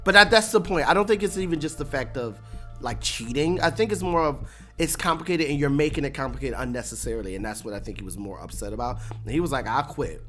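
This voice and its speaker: A host giving a casual, animated breakdown of a TV episode, laughing often and acting out lines. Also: mid-range voice, fast talker, faint music behind. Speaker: show recap host.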